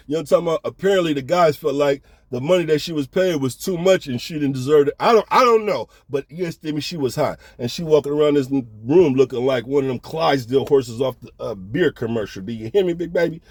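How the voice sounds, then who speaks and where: A man's voice: a little high, quick pace, few pauses, a little mellow, husky, no room sound. A man telling a story in a laid-back, slangy way, often checking in with the listener. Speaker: storyteller host. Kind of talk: casual storytelling.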